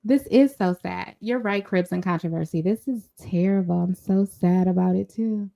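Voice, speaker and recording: A woman's voice: fairly low pitch, normal speed, vocal fry. A woman co-hosting a casual pop-culture podcast, telling stories emphatically and acting out the quotes. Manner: animated, emphatic storyteller, acts out quotes. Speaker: podcast co-host.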